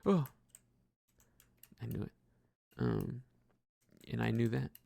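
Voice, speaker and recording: Gravelly young man rambling hesitantly. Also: mid-range voice, huge pitch swings, slow, dark tone, dry recording. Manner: rambling, hesitant, many fillers and restarts; casual swearing. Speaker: podcaster. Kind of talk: casual rambling monologue while gaming.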